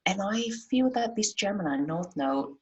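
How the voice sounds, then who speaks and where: A soft-spoken woman guest on a podcast, talking about astrology in a hesitant way, with many fillers. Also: medium pitch, expressive, normal speed, husky, dull audio. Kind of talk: casual conversation.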